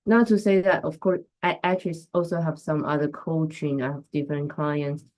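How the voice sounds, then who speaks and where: A woman with a slightly low voice hosts a casual live stream. She talks in a reflective way and stops now and then to greet viewers by name. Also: fairly even intonation, moderate pace, a little mellow. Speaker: host and coach.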